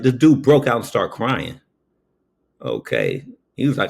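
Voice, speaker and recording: Slow-talking man telling a story. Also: huge pitch swings, gravelly, breathy edge. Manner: slow, keeps saying "okay?" between phrases; acts out quoted voices with sudden high pitch. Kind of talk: casual storytelling monologue.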